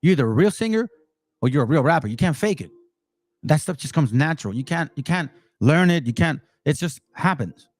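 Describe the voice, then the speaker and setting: Blunt, fiery man, higher voice. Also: expressive, a little fast, no room sound. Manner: blunt and direct; fiery, emphatic. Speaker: Bible channel host. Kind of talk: casual Bible commentary with scripture reading.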